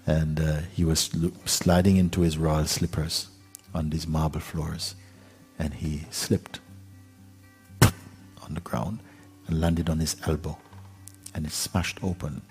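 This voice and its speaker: A man giving a spiritual talk, telling a parable in an unhurried, gentle way with pauses and fillers. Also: extremely low pitch, little pitch movement, faint music behind. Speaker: spiritual teacher.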